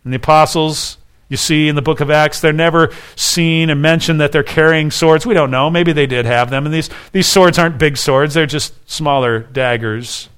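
A man's voice: on the high side, steady tone, normal speed, fairly bright tone, smooth. A man preaching a sermon as pastor, earnest and conversational, often restarting his phrases.

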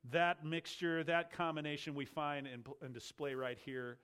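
A man preaching an explanatory sermon, stressing key words and slowing down for emphasis. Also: on the high side, fairly bright tone, smooth.

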